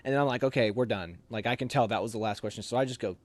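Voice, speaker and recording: A young man telling army stories in a casual chat, animated and laughing as he acts out lines. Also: medium pitch, rapid-fire, hardly any pauses.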